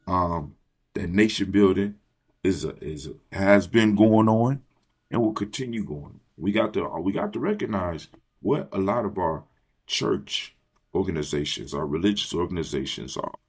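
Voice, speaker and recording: A man's voice: low voice, gravelly, slightly rough. A man hosting a motivational morning talk, leading his listeners in call-and-response and repeating phrases like a preacher. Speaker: host.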